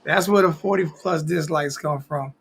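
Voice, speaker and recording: A man's voice: a little high, moderate pace, creaky, a bit bright, slightly rough. A man hosting a sports talk stream, boasting and trash-talking in a casual rant with many restarts. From American. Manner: boastful, repeats himself, stammering restarts. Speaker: sports podcast host.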